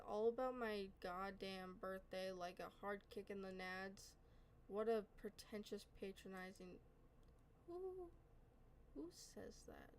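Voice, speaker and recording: A woman's voice: medium pitch, a little hiss or hum, rough recording. A woman hosting a reaction video, chatting casually and often apologizing and correcting herself as she reads on-screen text aloud. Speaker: reaction channel host.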